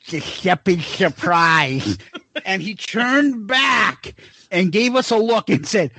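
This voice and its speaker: A man's voice: high voice, animated, slow pace, vocal fry, pushed and bright, husky, dry recording. A man in his forties, co-hosting a podcast in casual chat, profane and laughing as he tells stories. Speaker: podcast co-host.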